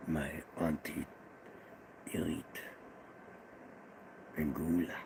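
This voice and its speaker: A man from Israel hosting a livestream, telling family stories in a casual, profane, animated way. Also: very deep voice, extremely slow, vocal fry, heavy background noise. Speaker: livestream host. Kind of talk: casual storytelling.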